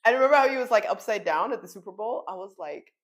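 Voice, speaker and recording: A woman in her thirties, a podcast co-host, chatting casually with lively, swearing, laughing storytelling. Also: mid-range voice, fast talker. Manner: animated, swearing, laughs often, acts out quotes. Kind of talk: casual chat.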